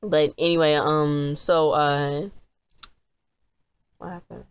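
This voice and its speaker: A woman's voice: low voice, flat delivery, slow, clear, resonant tone, dry recording. A woman giving a casual, rambling recap of a TV episode, talking in a chatty way with many restarts. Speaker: TV episode reviewer.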